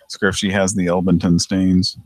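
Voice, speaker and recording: A man's voice: deep voice, little pitch movement, fairly quick, no echo, rough recording. A man co-hosting a prank call show, chatting casually and giving joking instructions. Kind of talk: casual chat.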